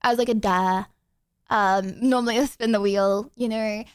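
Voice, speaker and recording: A woman's voice: medium pitch, steady tone, normal speed, clear, resonant tone, no room sound, studio quality. A young woman streaming, chatting casually with her audience, giggling and rambling with lots of ums. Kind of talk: casual live-stream chat.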